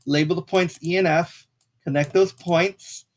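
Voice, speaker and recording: A young man with a fairly high voice walks through a geometry tutorial in a loose, casual way. He talks as he clicks through the software and pauses to apologize for small slips, speaking into a desk mic at his computer. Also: steady tone. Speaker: math tutor. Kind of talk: screen-recorded software tutorial.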